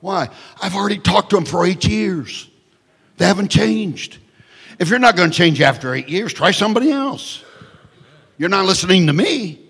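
A male pastor preaching a sermon, swinging from shouted lines to hushed near-whispers with joking asides. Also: sits high, expressive, normal speed, breathy edge, in a large hall.

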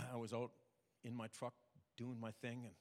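An older man preaching a sermon, telling personal stories in a plain, halting way. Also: mid-range voice, monotone. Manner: plain, halting testimony with restarts. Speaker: pastor. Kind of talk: storytelling sermon. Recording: long reverb of a hall.

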